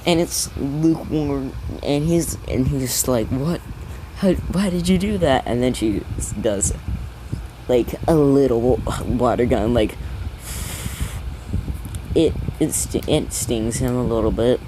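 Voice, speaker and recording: A man at an ordinary mid pitch casually retelling a story, rambling along with frequent false starts. He swears offhandedly as he goes. A steady vehicle rumble stays audible behind his voice. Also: slow.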